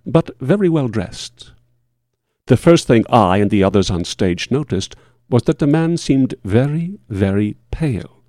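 A man with a low, mellow voice reads a first-person horror tale in a measured, solemn way. The sound is dry and close, with no room around it. His formal delivery stays even and grave. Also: no room sound. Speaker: narrator.

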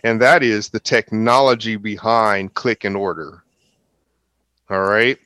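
A man's voice: mid-range voice, a bit bright, smooth, no room sound. A man hosting a group discussion, explaining points at length and affirming others. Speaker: host.

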